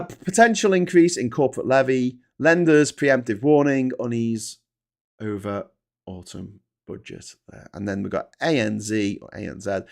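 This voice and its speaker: A man's voice: medium pitch, creaky. A man from England hosting a casual live chat on his small YouTube channel, reading headlines and viewer comments aloud with rambling asides and frequent swearing. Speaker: YouTube host.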